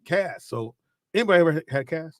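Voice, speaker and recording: A man on a podcast, telling a childhood story in casual chat and acting out loud quotes. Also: on the high side, expressive, brisk, a crowd in the background. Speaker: podcast co-host.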